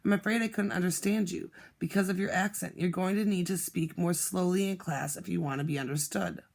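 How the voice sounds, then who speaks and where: Stern female teacher, polite, measured, gravelly texture, read by a classroom reader. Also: mid-range voice, fairly even intonation. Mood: firm.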